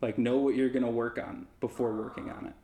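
A man co-hosting a podcast, chatting casually and explaining things in a relaxed way. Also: mid-range voice, brisk. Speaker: podcast co-host. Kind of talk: casual chat.

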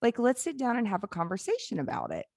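A woman's voice: fairly high pitch, huge pitch swings, fast, vocal fry, a little mellow, no echo, studio quality. A woman in her forties telling candid family stories in casual chat, laughing and swearing now and then.

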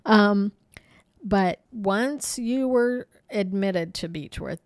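A woman co-hosting a podcast, casually telling ghost stories in a chatty, animated way with frequent fillers. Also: medium pitch, extremely slow, smooth, no echo. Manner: chatty, lots of "you know" and "um"; animated, laughs easily. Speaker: podcast co-host. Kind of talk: casual storytelling about hauntings.

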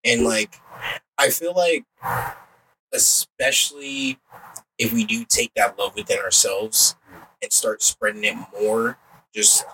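A man on a podcast sharing reflective closing thoughts in loose, slangy speech. His voice is bright. He sits back from the mic, with a faint hiss behind him. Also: medium pitch, lively intonation, takes it slowly, pauses often. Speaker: podcast co-host. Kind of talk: casual chat. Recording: distant mic, faint background noise.

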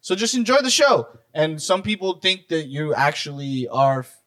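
A man's voice: fairly high pitch, big pitch swings, moderate pace, a bit bright. A man co-hosting a casual podcast chat, passionate and profane, who gets worked up on rants. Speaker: podcast co-host.

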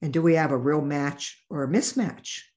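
A vision therapist telling a patient story in an interview, animated and acting out the dialogue. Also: mid-range voice, normal speed. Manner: animated, acts out quoted dialogue.

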